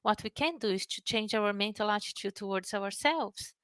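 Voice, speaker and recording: A woman who works in mental health speaks calmly and earnestly, softening her voice when she guides a breathing exercise. Her voice sits at a medium pitch. The recording is dry, with no room echo. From United Kingdom. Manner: calm, earnest, slows and softens for the breathing guidance. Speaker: mental health practitioner giving a talk.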